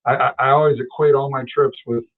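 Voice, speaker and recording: A man's voice: medium pitch, steady tone, fast. A man co-hosting a sports podcast, chatting casually and rambling through stories with restarts. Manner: rambling, self-correcting storyteller. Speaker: podcast co-host. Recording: tinny phone-like sound.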